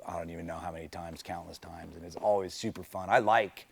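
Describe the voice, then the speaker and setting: A man's voice: sits low, steady tone, a little fast, vocal fry, slight background noise. A middle-aged man, a race car driver, telling stories in a loose, chatty way full of "you know" fillers. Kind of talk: casual storytelling interview.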